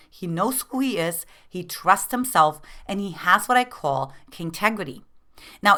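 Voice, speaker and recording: A woman's voice: lowish voice, sharp tone. A middle-aged woman from East Germany, coaching women on relationships in an earnest, intimate way and calling the listener "girlfriend".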